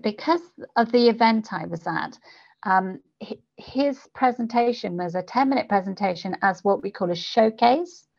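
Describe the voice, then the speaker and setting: A woman who coaches public speakers, talking in an interview and changing her pitch and volume to demonstrate delivery. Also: gravelly, darkish tone. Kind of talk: conversational interview. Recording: dull lo-fi podcast audio.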